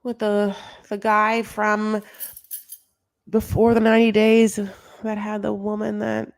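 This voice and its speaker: A woman's voice: mid-range voice, completely flat delivery, slow pace, no echo. A woman casually recapping a reality show, gossipy and full of filler words, calling listeners honey. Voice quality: gravelly vocal fry.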